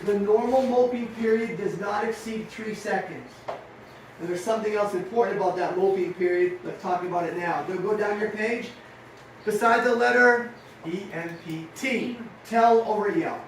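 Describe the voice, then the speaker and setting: A middle-aged man giving an energetic motivational talk to young riders as their coach, telling stories and acting out the dialogue. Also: sits high, slight background noise. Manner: energetic, storytelling, acts out dialogue. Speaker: riding coach. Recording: echoey room, far from mic.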